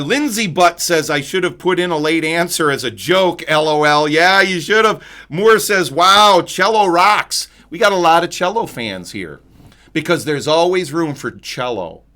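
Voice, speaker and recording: A man's voice: on the high side, lively intonation, measured pace, pushed and bright. A man hosting a live-streamed trivia game, playful and jokey, reading out viewers' chat answers. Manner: playful, jokey, reads chat messages aloud. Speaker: trivia host.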